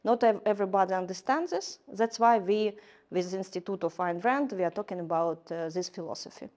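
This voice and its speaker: A woman giving a lecture in English, halting often with fillers and restarts. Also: mid-range voice, darkish tone. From Ukraine. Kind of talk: lecture to a class.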